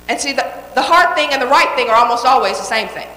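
A woman's voice: high-pitched, lively intonation, fast, hardly any pauses, sharp tone. A woman giving a motivational talk to a live audience, direct and emphatic, repeating key phrases and checking in with the crowd. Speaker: motivational speaker. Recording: echoey hall with long reverb.

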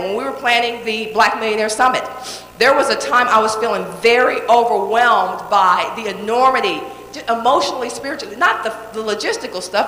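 The voice of this female motivational speaker sits a little high and has a fairly bright tone. Before a live audience she talks with direct emphasis, repeating key phrases and checking in with the crowd, while the echoey hall adds a long reverb.

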